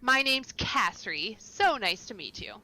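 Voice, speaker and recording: Chatty half-elf woman, played by a player, bright tone, outgoing. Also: fairly high pitch, big pitch swings, measured pace, slight background noise, full character voice, low-quality recording. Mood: friendly. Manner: gushing, outgoing.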